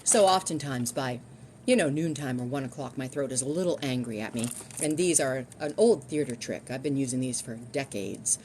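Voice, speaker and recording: A woman's voice: extremely low pitch, normal speed, a little mellow, a little hiss or hum. A middle-aged woman chatting casually on a live stream from home, rambling and restarting her sentences.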